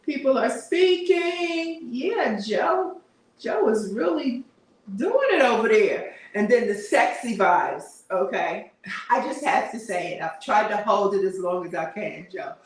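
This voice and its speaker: A woman's voice: mid-range voice, animated, unhurried. A middle-aged woman hosts a casual livestream, chatting, laughing often and reading viewer comments aloud. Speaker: livestream host. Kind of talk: casual live-stream chat. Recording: very echoey room, voice far from mic.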